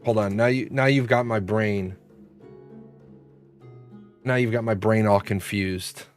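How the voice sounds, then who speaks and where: A man's voice: on the low side, steady tone, slow pace. Blunt, profane male streamer. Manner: blunt, profane, reacting to chat. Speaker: streamer host. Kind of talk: live stream chat. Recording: faint guitar music behind.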